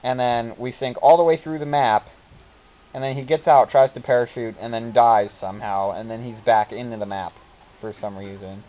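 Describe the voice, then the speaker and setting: A man's voice: mid-range voice, steady tone, moderate pace. Guy rambling through funny game stories, does goofy quote voices, sounds like a cheap phone line. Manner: rambling storytelling, quoting characters in silly voices. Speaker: gameplay commentator. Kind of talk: casual gameplay commentary. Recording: tinny phone-like recording.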